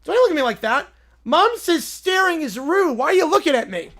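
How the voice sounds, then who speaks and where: A man's voice: very high voice, sing-song, brisk, fairly bright tone, voice pushed up, heavily acted. A man voicing a whiny, spoiled little princess girl who demands and complains. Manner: whining, demanding.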